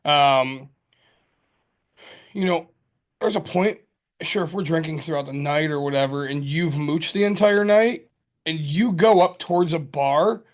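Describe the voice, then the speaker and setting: A man co-hosting a podcast in casual chat, rambling and profane with lots of fillers and animated storytelling. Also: fairly high pitch, unhurried, pauses often. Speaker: podcast co-host.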